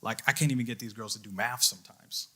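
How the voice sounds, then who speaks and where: A youth leader preaching to young people, a man with a somewhat low but bright, forceful voice. He tells his story earnestly and voices his own inner thoughts as he goes. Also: quick pace. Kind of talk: sermon.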